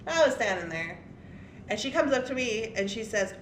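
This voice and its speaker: Animated woman telling a story. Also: fairly high pitch, normal speed, slight background noise. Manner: animated and blunt, laughing often. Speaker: craft and jewelry channel host. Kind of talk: casual storytelling to viewers. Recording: echoey room with faint ambience.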